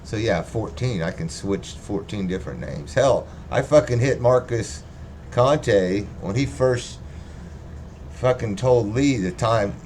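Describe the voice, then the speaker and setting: A man's voice: on the low side, a little mellow, slight background noise. A man rambling casually and profanely on a livestream, joking as he talks. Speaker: livestream host.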